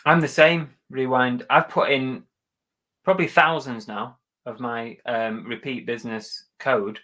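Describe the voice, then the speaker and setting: A young man with a bright, forward voice hosts a live reselling stream. He chats in an upbeat, easygoing way, reading out viewer comments and laughing often. His pitch sits in an ordinary middle range. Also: fairly even intonation, a little slow. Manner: chatty, upbeat, laughs easily. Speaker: reseller channel host.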